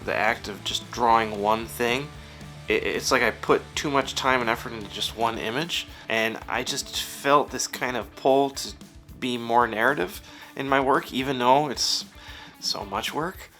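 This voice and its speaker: A man's voice: mid-range voice, measured pace, sharp tone, faint music behind. A man in his thirties who writes and draws comics, answering interview questions in a rambling, self-deprecating way with many fillers, recorded in his home studio. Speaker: comic book writer and artist.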